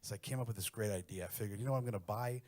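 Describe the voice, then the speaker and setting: A middle-aged man doing a stand-up comedy set, telling crude stories in a brash, animated way. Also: lowish voice, rapid-fire.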